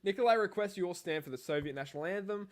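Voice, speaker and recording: A man's voice: high voice, racing. A young man co-hosting a wrestling review podcast, rambling and swearing in casual chat. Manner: profane, rambling, jokey. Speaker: podcast co-host.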